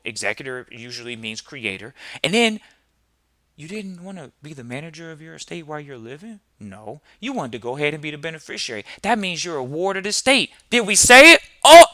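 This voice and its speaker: A man's voice: a little high, sharp tone, no room sound, clean studio sound. A man hosting a podcast, preaching emphatically in a long monologue and firing off rhetorical questions. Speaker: podcast host.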